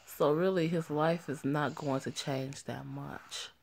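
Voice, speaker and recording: Woman doing a low, gravelly gang boss man. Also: fairly even intonation, takes it slowly, a little mellow, a little hiss or hum, exaggerated voice. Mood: firm. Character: stern man, head of a gang. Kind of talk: amateur voiced story drama.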